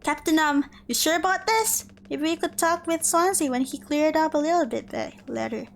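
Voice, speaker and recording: A woman's voice: high-pitched, normal speed. A woman reading game lines as a young, laid-back male surfer-type crewman, easygoing and full of fillers. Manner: easygoing, filler-heavy, hesitant. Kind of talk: reading game dialogue aloud.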